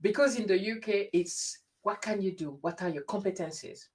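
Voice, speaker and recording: A woman hosting a casual conversation, telling stories in an animated way and often restarting her sentences. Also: medium pitch, moderate pace. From grew up in France. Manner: animated storyteller with frequent restarts. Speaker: host. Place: lives in the UK.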